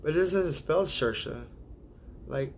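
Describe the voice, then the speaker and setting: A man's voice: fairly high pitch, slow pace, slight background noise. A man hosting a casual livestream, rambling and hesitant, laughing often as he sounds out viewers' names. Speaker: livestream host.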